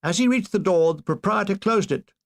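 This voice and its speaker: A man reading a war memoir aloud as an audiobook, telling it in a wry, expressive way. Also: high voice, fairly quick, vocal fry. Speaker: audiobook reader.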